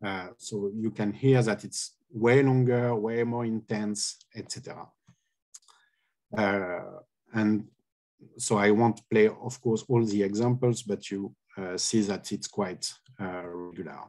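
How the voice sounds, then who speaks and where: A man's voice: lowish voice, fairly even intonation, takes it slowly, darkish tone. Hesitant male linguistics lecturer. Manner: hesitant, many filler sounds; explanatory, self-correcting. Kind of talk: academic colloquium talk.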